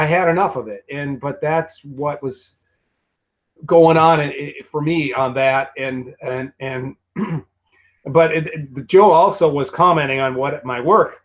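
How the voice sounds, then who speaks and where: Rambling, profane male guest actor. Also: on the high side. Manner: rambling and profane, many restarts and repeated words. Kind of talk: casual commentary storytelling.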